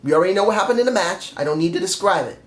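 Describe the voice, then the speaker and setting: A man's voice: sits high, expressive, very fast, reverberant. A man giving a casual, blunt spoken review of a wrestling show, with offhand remarks and the odd swear word.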